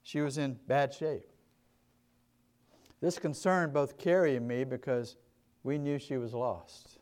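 A male pastor with a Southern US accent telling stories in a sermon, earnest and emphatic, moving between quiet and loud passages. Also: medium pitch, steady tone, slow. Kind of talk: sermon storytelling.

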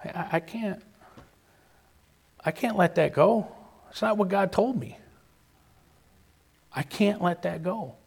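A man's voice: high-pitched, slow pace, gravelly, long pauses, husky. A man preaching a sermon, repeating key phrases for emphasis and acting out the voices of people he quotes.

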